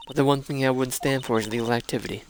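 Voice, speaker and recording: A man's voice: medium pitch, fairly even intonation, very fast, natural voice, rough recording. A man putting on a brash biker gal. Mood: teasing.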